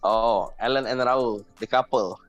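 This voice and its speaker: A man's voice: mid-range voice, a little slow, no echo, soft background music. A man, chatting on a live stream and laughing a lot. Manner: giggly, excitable banter. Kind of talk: casual live-stream chat.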